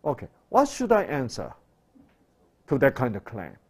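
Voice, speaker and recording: A middle-aged male pastor preaching a sermon, asking rhetorical questions and swinging from loud to hushed. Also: mid-range voice, wildly swooping pitch, moderate pace.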